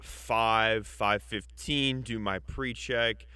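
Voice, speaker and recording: A man's voice: on the low side, fairly even intonation, very slow, bright, forceful tone, smooth, no echo. A man co-hosting a podcast, talking bluntly and teasing his co-host in casual chat. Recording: dry close mic.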